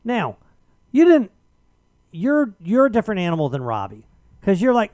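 A man hosting a radio talk show, telling an argumentative story in casual chat with animated emphasis. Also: high-pitched, normal speed, dry recording.

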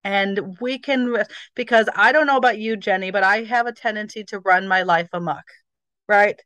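An enthusiastic woman co-hosting a casual faith chat, her voice at a middling pitch. The recording is dry and close, with no room sound around her. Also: moderate pace, no echo. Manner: animated, enthusiastic, laughs easily. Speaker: podcast co-host.

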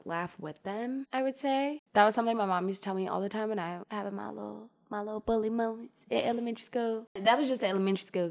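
A woman speaks as a guest on a casual podcast. She is animated and sassy, leaning hard on her points with emphatic repetition. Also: medium pitch.

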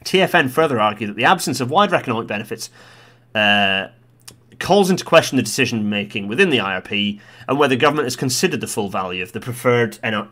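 A man working through a report line by line, blunt, exasperated and willing to swear. His voice is very lively and swings freely in pitch. He breaks into loud, heated rants. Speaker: commentator. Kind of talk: commentary on a policy report.

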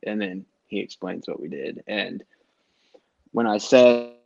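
Rambling low-voiced man telling road stories. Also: unhurried, gravelly, a little mellow, no echo, lo-fi sound. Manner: rambling storyteller, swears freely, acts out quotes. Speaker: guest telling concert stories. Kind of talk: casual podcast chat.

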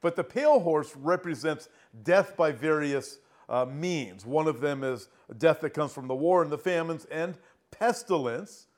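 A middle-aged man from Southern California preaches an earnest prophecy sermon with real emphasis. Whenever he reads scripture aloud, he slows down and his pitch rises.

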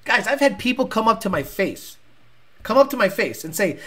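A man's voice: high-pitched, very animated, moderate pace, sharp tone. Blunt, profane man ranting. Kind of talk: casual rant.

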